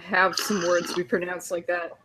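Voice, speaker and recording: A woman's voice: lowish voice, little pitch movement, normal speed, background noise. A Canadian woman hosting a casual group chat, teasing and laughing often.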